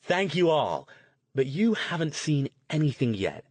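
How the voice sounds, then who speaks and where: A man voicing a flamboyant young stage magician, booming with enthusiasm to an audience. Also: very animated, a little slow, dry recording. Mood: enthusiastic.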